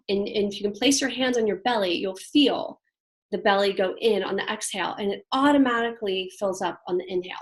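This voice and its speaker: A woman leading a women's leadership class in a casual, chatty way, with many fillers, and demonstrating breathing exercises aloud. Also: medium pitch. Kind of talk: guiding a group class.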